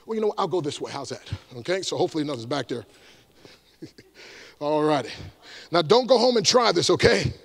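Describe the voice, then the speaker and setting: Evangelist, high gravelly voice, shouts call-and-response lines at the crowd. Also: male voice, expressive, fairly quick, long pauses. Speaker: evangelist and motivational speaker. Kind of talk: energetic stage motivational talk. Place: large room before a live audience.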